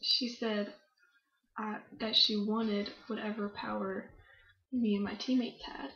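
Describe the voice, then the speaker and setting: A woman's voice: medium pitch, fairly even intonation, slow pace, a bit bright, a little hiss or hum. A young woman telling a story in a casual interview, chatty and laughing often, with plenty of fillers. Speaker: guest. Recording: roomy, muffled recording.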